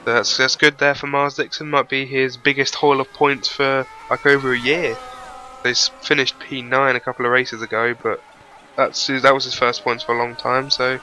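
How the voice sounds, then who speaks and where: Guy doing chatty sim race commentary, bright voice, a bit of hiss in the back. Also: medium pitch, level tone, moderate pace, rough recording. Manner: chatty, self-deprecating, apologetic asides.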